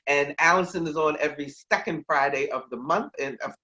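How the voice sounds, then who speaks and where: A woman media expert giving brisk, encouraging advice as an interview guest over a video call. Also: low-pitched, pushed and bright. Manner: brisk, encouraging, plugging her show. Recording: dull lo-fi call audio.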